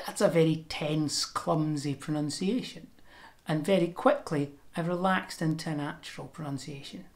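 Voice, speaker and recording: A woman giving a pronunciation lesson, explaining sounds step by step and demonstrating them slowly and deliberately. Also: low-pitched, a little mellow. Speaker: language teacher.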